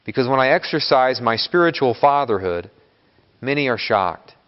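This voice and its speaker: A Catholic priest giving a homily in a church, speaking in a measured, emphatic way that builds lists of words. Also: male voice, medium pitch, lively intonation, clear, resonant tone. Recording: long church reverb, dull lo-fi sound.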